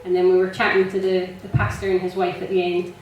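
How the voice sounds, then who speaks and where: A woman sharing a personal testimony in church, chatty and animated, laughing often and filling pauses with ums. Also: lowish voice, soft background music. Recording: echoey church hall, mic from a distance.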